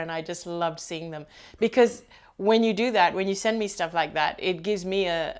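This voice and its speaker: A woman's voice: lowish voice, clear, resonant tone. A woman hosting her own channel, chatting casually to viewers with rambling asides and frequent laughs. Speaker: host.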